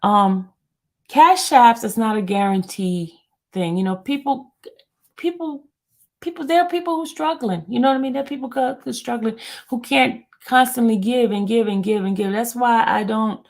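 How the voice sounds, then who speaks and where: A woman's voice: a little high, normal speed. A woman blogger on a live stream, talking to her viewers in a frustrated way and often repeating herself. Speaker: court news blogger.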